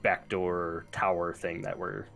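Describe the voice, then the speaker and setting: A man discussing a tabletop game with friends. He restarts his sentences and leans on likes. His voice sits low, with faint music underneath. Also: little pitch movement, measured pace, creaky, a bit bright. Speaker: player. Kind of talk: casual game-table chat.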